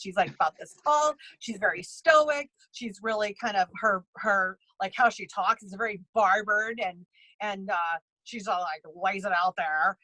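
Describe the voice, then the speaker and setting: A woman with a middle-pitched voice tells stories in a casual interview, rambling and circling back with frequent restarts and fillers. She acts out what other people said as she goes. Her voice sits dry and close, with no room around it. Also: normal speed, pushed and bright, no echo, poor audio. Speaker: psychic medium and bridal tailor, podcast guest.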